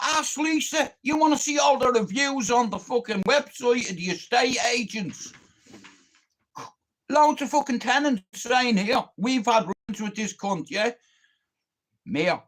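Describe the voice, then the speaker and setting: An Irish man livestreaming, telling a long, confrontational story full of swearing and boasting. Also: sits high. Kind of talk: casual storytelling rant.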